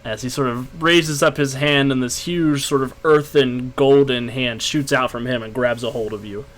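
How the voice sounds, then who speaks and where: A man's voice: mid-range voice, fairly even intonation, normal speed. A man narrating a tabletop game as game master, easygoing and laughing often.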